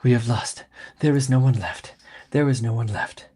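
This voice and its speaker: A man's voice: mid-range voice, moderate pace, mellow, breathy edge, lightly acted. A man voicing an ancient dying male wizard, grave and pleading. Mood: despairing.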